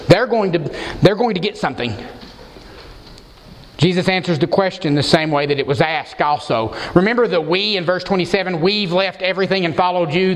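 A man preaching an expository sermon as pastor, emphatic and posing rhetorical questions to the congregation. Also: fairly high pitch. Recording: long hall reverb.

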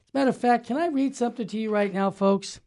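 A man's voice: very high-pitched, quick pace. Fervent man hosting religious radio. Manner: fervent, emphatic, builds to loud exclamations. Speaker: radio show host. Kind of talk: religious talk radio teaching.

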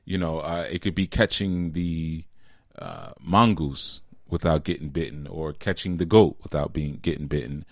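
A man giving an informal spiritual teaching, conversational and deliberate, often checking in with "you see?" and slowing down to stress key words. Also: very deep voice, dry recording, studio quality.

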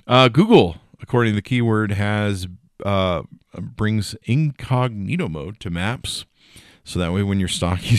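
Middle-aged guy doing a tech news podcast, deep voice, lots of ums, jokey tangents. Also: clear, resonant tone, no room sound, studio quality. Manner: rambling, jokey asides with many fillers. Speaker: podcast host. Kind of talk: casual tech news talk.

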